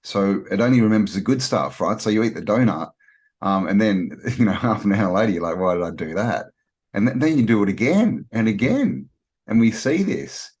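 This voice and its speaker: Deep male guest, halting casual talk with lots of restarts. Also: animated, darkish tone, slightly rough. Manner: halting, many repeated words and restarts. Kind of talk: casual conversational discussion.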